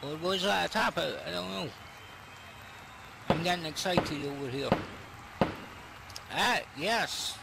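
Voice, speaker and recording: A man giving excitable, rambling play-by-play commentary on a wrestling match. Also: on the high side, moderate pace, creaky, pauses often, noisy background.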